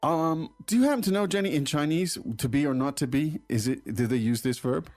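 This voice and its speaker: A man hosting a language lesson, explaining phrases in a relaxed way with fillers and restarts. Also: fairly high pitch, fairly quick. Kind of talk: casual teaching chat.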